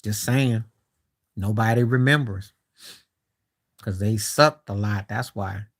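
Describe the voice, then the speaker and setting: A fairly low-pitched man speaks slowly as he hosts a live stream, chatting loosely about basketball. He trails off, starts over, and throws in incredulous asides.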